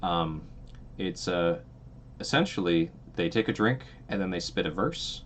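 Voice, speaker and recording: A very deep-voiced man narrates a tabletop game as its game master. He rambles comfortably through the scene with plenty of fillers, and a faint hum of the room sits under his voice. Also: measured pace. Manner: relaxed and meandering, with many fillers.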